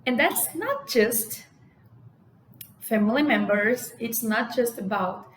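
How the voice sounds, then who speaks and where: A woman's voice: fairly high pitch, expressive, takes it slowly. A young woman from Brazil with a Brazilian Portuguese accent, chatting casually to camera in English and filling her talk with "like" and "you know". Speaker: vlogger. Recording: echoey room with faint ambient noise.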